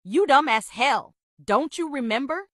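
A woman's voice: high-pitched, expressive, measured pace, a bit bright, dry recording, studio quality. A woman voicing a bold, teasing best friend in a Roblox roleplay. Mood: pushy. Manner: blunt, pushy, teasing.

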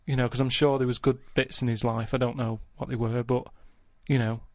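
A middle-aged man talks in a flat, deadpan manner, wandering through his stories at an unhurried pace. The recording is close and dry, with no room sound around his voice. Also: medium pitch, no echo. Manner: deadpan, rambling storyteller. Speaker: podcast regular. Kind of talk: casual chat.

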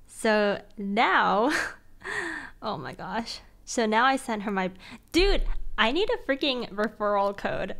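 A young woman streaming, chatting casually and excitedly with viewers, gushing and giggly with lots of slang. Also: medium pitch, slow pace, gravelly.

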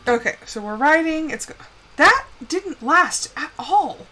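Lively high-voiced woman streaming a game. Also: slow pace, low-quality recording. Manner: chatty, scolds her characters, bursts of excitement. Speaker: streamer playing a life-sim game. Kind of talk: casual live gameplay commentary.

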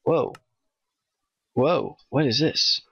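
A man giving nervous, excitable let's play commentary, talking to his in-game dog. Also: mid-range voice, drawn-out words, gravelly, husky. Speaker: gamer playing a Minecraft map. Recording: dull, dry home mic.

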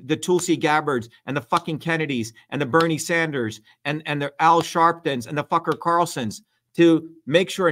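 Brief: middle-aged male host, fairly high voice, heated, blunt and profane delivery. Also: a bit bright. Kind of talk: heated livestream talk.

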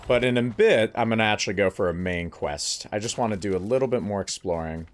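A man's voice: on the low side, fast talker. A man giving casual, playful commentary while playing a video game, joking and talking to the characters. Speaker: let's play gamer.

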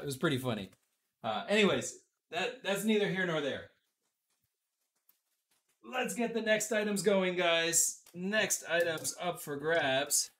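A man's voice: a little high, lively intonation, unhurried, pauses often, a bit bright. A man hosting a casual live-stream auction, calling out bids and chatting with viewers in an upbeat way. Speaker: auction host.

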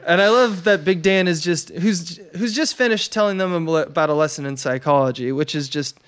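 A man's voice: fairly high pitch, a little fast, a bit bright, smooth. A man co-hosting a podcast, casually recapping film scenes with frequent fillers. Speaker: podcast co-host.

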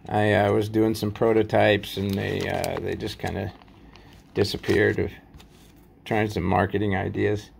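Man, low gravelly voice, slow unhurried delivery, rambling with lots of fillers, casual vlog. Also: level tone, a little hiss or hum. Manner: rambling, halting, many fillers. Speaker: coin collecting vlogger. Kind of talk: casual show-and-tell vlog.

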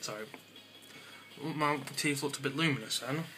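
A teenage English boy with a fairly high voice chats at a moderate pace for his home vlog, recorded in his bedroom with music playing in the background. His talk rambles in an offhand way as he jokes around and slips into silly voices.

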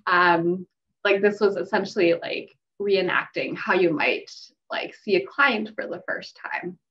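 A woman's voice: fairly low pitch, unhurried. A young woman, a mental health clinician, telling her story as a podcast guest in a chatty way, with many fillers and frequent laughs. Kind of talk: casual podcast conversation. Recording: dull, distant remote-call audio.

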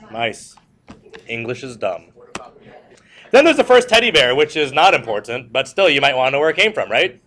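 A male history teacher lectures his class in a fairly high, slightly bright voice. He tells stories laced with jokes and puts questions to the students.

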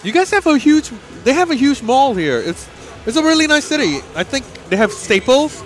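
A man's voice: extremely high pitch, sing-song, a little fast, fairly bright tone. A young man chatting casually as a commentator at a gaming tournament, enthusiastic and easygoing. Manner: enthusiastic, easygoing, traveler's anecdotes.

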